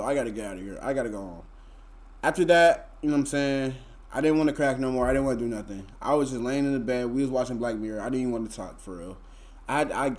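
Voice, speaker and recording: A young man, telling a story to his live chat in a laid-back, slangy, rambling way full of fillers. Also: medium pitch. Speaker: streamer.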